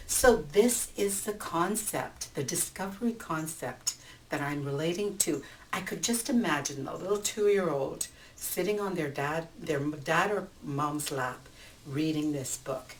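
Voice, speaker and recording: Low voiced woman author talking teachers through her kids book, lively, mic a bit far, faint noise. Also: unhurried. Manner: animated storyteller, explains with frequent "okay?". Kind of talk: book talk tutorial for teachers.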